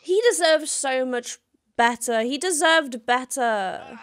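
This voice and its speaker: A woman's voice: sits high, expressive, takes it slowly, a bit bright. A woman giving an emotional, gushing reaction commentary while she watches a show. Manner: emotional, gushing, exclaims and laughs often. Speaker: reaction video host.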